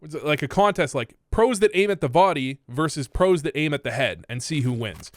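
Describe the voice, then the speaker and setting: A young Canadian gaming content creator reviews gameplay with casual, rambling commentary, swearing and using lots of fillers. His voice sits on the high side with lively intonation at a moderate pace, recorded on a desk microphone with no room sound.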